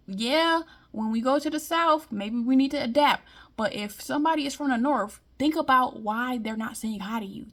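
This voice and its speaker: A woman's voice: fairly high pitch, fairly bright tone. A woman from Detroit giving a blunt, emphatic monologue in casual vlog style. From Detroit, US Midwest. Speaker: vlogger.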